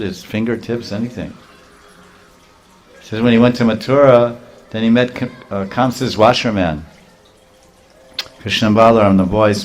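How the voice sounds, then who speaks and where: A man preaching a sermon, telling a story in an animated way with frequent chuckles and Sanskrit terms. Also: medium pitch.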